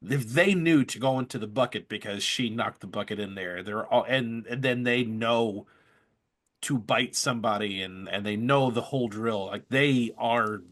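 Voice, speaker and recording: A man who is a guest on a podcast, talking things through in a thoughtful, measured way with many small hesitations. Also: medium pitch, a bit bright. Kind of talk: casual podcast discussion. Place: studio.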